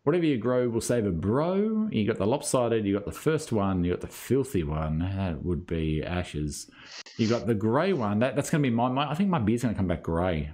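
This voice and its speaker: A man's voice: on the low side, big pitch swings, normal speed, mellow. An Australian man hosting a casual podcast chat with mates, blokey and loose, swearing now and then and cutting in over others. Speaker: podcast host.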